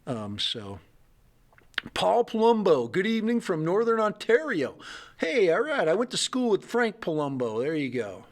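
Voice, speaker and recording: A middle-aged man from the United States hosts a casual livestream. He rambles, jokes and reads comments aloud in a slightly higher voice. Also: huge pitch swings, normal speed. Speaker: livestream host.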